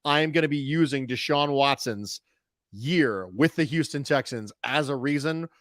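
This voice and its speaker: A man hosting a casual sports podcast, talking in an animated way with quick jokey asides. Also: mid-range voice, no room sound, clean studio sound. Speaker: show host.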